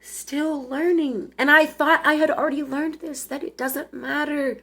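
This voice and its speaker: A woman in her forties talking to camera in a personal confessional monologue, emotional and tearful, halting and restarting often. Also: sits high, fairly even intonation, gravelly, fairly bright tone. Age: 40s. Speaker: vlogger.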